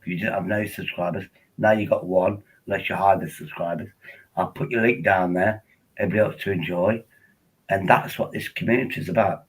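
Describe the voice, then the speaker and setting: Husky older man rambling on stream. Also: deep voice, steady tone, a little fast, low-quality recording. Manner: rambling, chatty, friendly. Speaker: live-streamer. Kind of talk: casual live-stream chat. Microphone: laptop.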